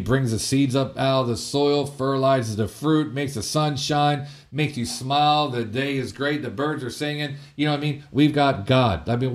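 A man pastor giving an informal sermon, talking in a conversational way with fillers like "like" and "man", and acting out short quotes. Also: medium pitch. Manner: conversational, animated preaching with many fillers and acted-out quotes.

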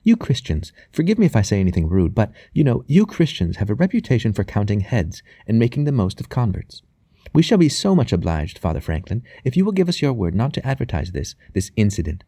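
A poised young wife, sweet on the surface and mocking underneath, who never loses control of the talk, as a male reader puts her on in a higher, lighter voice. The tone is mellow and the recording is close and dry. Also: very animated, brisk, dry recording. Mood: smoothly persuasive.

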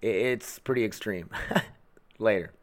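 With a fairly low pitch and a slow delivery, a US man rants angrily on the podcast he hosts from home. He's blunt, swears a lot, and keeps launching into rants.

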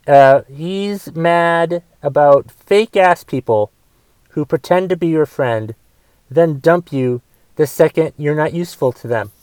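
Profane ranting podcast host, dry close sound. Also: male voice, fairly high pitch, slow pace, smooth, no echo. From United States. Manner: profane, swings from mumbled asides to loud angry ranting. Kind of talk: casual rant podcast.

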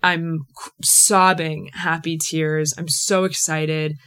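A woman's voice: sits low, little pitch movement, takes it slowly, fairly bright tone, clean tone. A young woman hosting a podcast, telling a personal story in a chatty, emotional way full of "like" fillers. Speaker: podcast host. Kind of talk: casual solo storytelling.

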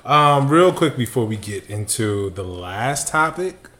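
A man's voice: medium pitch, big pitch swings, unhurried, a bit bright. A man co-hosting a casual sneaker podcast, talking in a laid-back, offhand way. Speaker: podcast co-host. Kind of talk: casual chat.

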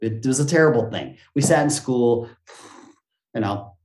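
A man's voice: medium pitch, moderate pace. Middle-aged guy, big swooping motivational speaker talk, echoey room. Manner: energetic, expansive, motivational speaker's delivery. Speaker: interview guest. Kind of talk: animated conversational interview. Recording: roomy echo.

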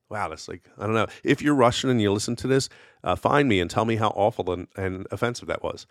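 A man's voice: lowish voice, fast, no room sound, clean studio sound. A man hosting a casual solo podcast, telling folklore in a rambling, conversational way with lots of fillers. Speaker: podcast host.

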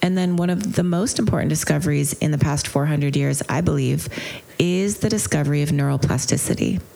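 Speaking briskly in a low, creaky voice, the teacher of a mindfulness retreat tells a story in her lecture. Her tone is earnest and reflective, marked by soft hesitations.

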